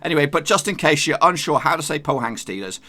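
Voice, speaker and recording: A man's voice: fairly high pitch, lively intonation, fast, sharp tone. A man hosting a football channel, talking in a chatty, jokey way with plenty of slang. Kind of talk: casual football vlog.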